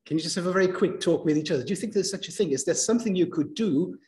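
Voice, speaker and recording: A man giving an interactive lecture to teachers, speaking in an animated, playful way and coaxing the audience to join in. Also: sits high, racing, roomy sound.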